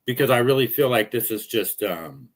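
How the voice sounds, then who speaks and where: A man's voice: mid-range voice, animated, moderate pace. A man rambling through casual live-stream commentary, jokey and profane, telling stories.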